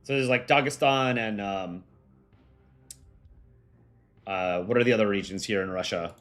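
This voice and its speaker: A young American man chatting casually on a live stream as its host, relaxed and full of ums and likes. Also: fairly low pitch, a little slow, faint music behind. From United States. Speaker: streamer and voice actor.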